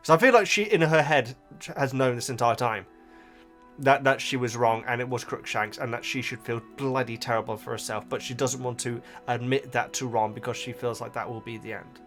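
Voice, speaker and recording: A man hosting a casual book reaction, animated and emotional, with frequent restarts. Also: medium pitch, brisk, faint music behind.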